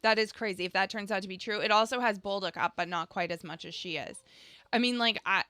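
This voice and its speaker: Bright, chatty woman co-host. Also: medium pitch, quick pace, dry recording. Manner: chatty, laughing often, many fillers. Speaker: podcast co-host. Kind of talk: casual political chat.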